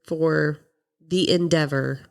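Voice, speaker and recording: A young woman with a low voice, nasal and congested from a cold, co-hosts a casual podcast. She talks in chatty bursts and laughs easily. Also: fairly even intonation, slow, creaky, darkish tone. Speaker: podcast co-host. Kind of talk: casual chat.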